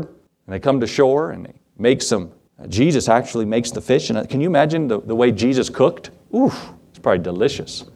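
A man preaching a sermon to his congregation, animated, acting out Bible scenes in quoted voices. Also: mid-range voice, brisk. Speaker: pastor.

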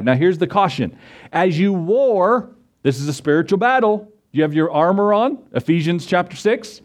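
A male pastor preaching a sermon, reading scripture slowly and asking the congregation rhetorical questions. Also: high voice, expressive.

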